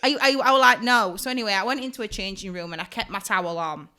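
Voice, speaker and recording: In a racing, clean-toned, medium-pitched voice, a young woman who works as a hairdresser chats casually on her podcast. She tells stories animatedly, acting out what people said.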